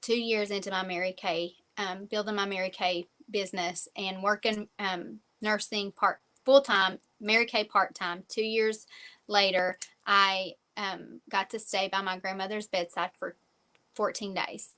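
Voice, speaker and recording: A woman's voice: mid-range voice, level tone, a little slow, pushed and bright. A woman giving an earnest, faith-filled motivational sales training talk, full of fillers and repeated phrases. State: emotional at times.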